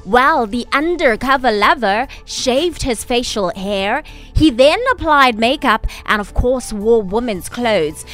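A woman with a mock British accent reading a comic news report as a pretend foreign correspondent, in a brisk newsreader manner. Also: on the high side, animated, a bit bright, soft background music.

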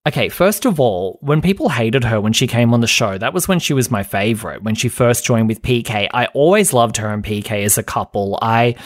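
A man's voice: animated, fairly quick, hardly any pauses, no echo. Chatty gossiping man, dry close sound. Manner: chatty, gossipy, dramatic mimicry in falsetto. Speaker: podcast host. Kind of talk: casual chat recap.

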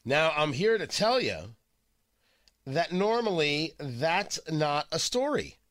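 A man hosting opinionated political talk radio, sarcastic and animated, often repeating and restarting his words, a little stuffy from a cold. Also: a little high, slow pace, no echo, studio quality. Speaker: radio talk show host.

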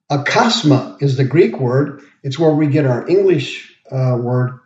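A man preaching a verse-by-verse sermon, slowly explaining each word as he goes. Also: mid-range voice, lively intonation, a little mellow. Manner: slow, deliberate, pauses to explain words. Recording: roomy, dull lo-fi podcast audio.

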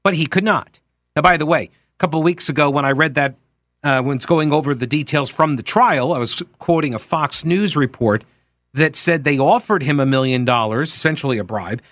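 A man's voice: on the high side, brisk, a bit bright, dry recording. A man hosting a political talk radio show, speaking emphatically and conversationally, correcting himself as he goes.

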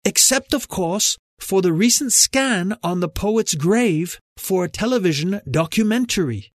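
A man voicing a confident, direct German woman archaeologist in an audiobook, brisk and teasing. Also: high-pitched, animated, no echo, clean studio sound, pitched above the performer's own voice.

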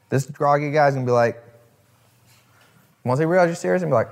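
A man's voice: on the high side, brisk, vocal fry, pauses often. A man hosting a casual talk to his viewers, rambling with restarts and swearing, acting out the people he quotes. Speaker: host.

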